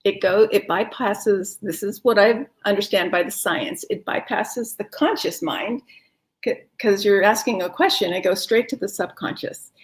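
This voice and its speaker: A woman's voice: mid-range voice, normal speed. A woman teaching a live-streamed wellness class, talking in an encouraging, chatty way and laughing often. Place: home, no kids in the house.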